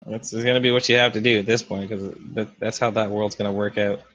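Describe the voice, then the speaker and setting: A man co-hosting a casual podcast chat, blunt and sweary and quick to laugh. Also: lowish voice, steady tone, fairly bright tone, dull audio. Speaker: podcast co-host.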